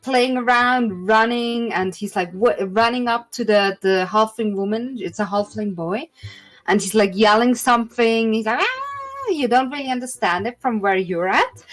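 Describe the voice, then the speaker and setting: A woman's voice: mid-range voice, low-quality recording. A woman narrating a tabletop game as game master, loose and descriptive with many fillers.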